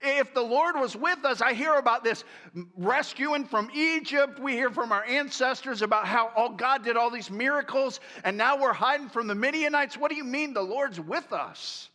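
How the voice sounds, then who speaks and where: A man's voice: very high-pitched, expressive, normal speed, bright, forceful tone, pitched above the performer's own voice, exaggerated voice. A man voicing a frightened, whining young man who makes excuses, in a reverberant hall. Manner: whining, incredulous. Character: scared whiny young man hiding from enemies.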